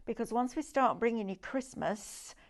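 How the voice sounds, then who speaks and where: A woman's voice: on the high side, moderate pace. A woman presenting a live craft shopping demo, chatty and enthusiastic as she shows off the products. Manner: chatty, enthusiastic, sales patter with demonstrations.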